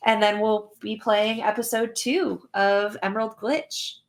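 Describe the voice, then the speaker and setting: A woman's voice: medium pitch, steady tone, a little slow. A woman hosting a game stream, chatting casually with frequent ums and uhs as she wraps up. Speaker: host. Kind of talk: casual livestream wrap-up.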